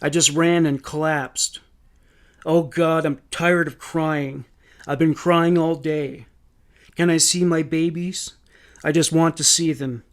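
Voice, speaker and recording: A distraught mother under police questioning pleads in short, broken sentences, as a man reads her words. The voice sits slightly high, and the lines are read rather than fully performed. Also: steady tone, slow. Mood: pleading.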